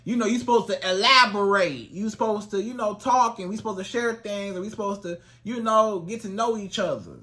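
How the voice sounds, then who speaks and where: Bright, high-voiced man coaching on dating. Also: a little fast, few pauses. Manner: animated, colloquial, repeats phrases. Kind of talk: casual advice talk to camera.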